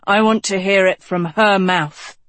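An audiobook narrator voicing a young king who is impatient, stubborn and quick to take offense. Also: medium pitch, steady tone, fairly bright tone, dry recording, lightly acted. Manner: impatient, insistent.

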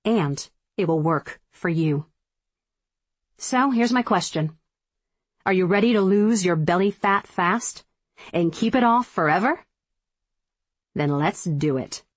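A woman's voice: on the low side, expressive, slow, long pauses, no echo. A woman reading her own diet book aloud as a firm, emphatic, motivational audiobook narration.

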